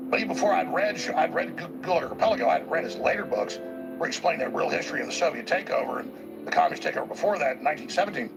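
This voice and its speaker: Gravelly high-voiced man ranting emphatically. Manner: emphatic, rambling, repeats words when pushing a point. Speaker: talk show host. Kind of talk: political monologue.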